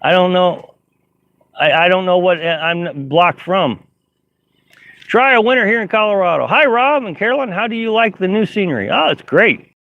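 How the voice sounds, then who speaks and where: A man's voice: high voice, expressive, moderate pace, no room sound. A middle-aged man hosting a casual live stream from his camper, reading viewer comments aloud, rambling and laughing often. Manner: rambling, laughs often, many fillers and restarts. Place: inside a camper. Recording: dull, lo-fi live-stream audio.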